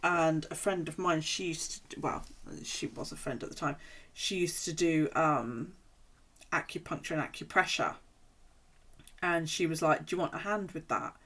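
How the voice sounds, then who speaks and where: A woman's voice: low voice, measured pace, a bit bright. A woman chatting casually on a live stream, rambling through stories and swearing freely. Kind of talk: casual chat while journaling on stream.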